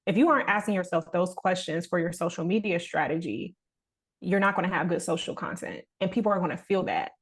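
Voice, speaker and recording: Earnest low-voiced woman guest. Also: lively intonation, fairly quick, breathy edge. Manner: earnest, reflective, motivational. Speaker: podcast guest. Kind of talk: casual podcast conversation.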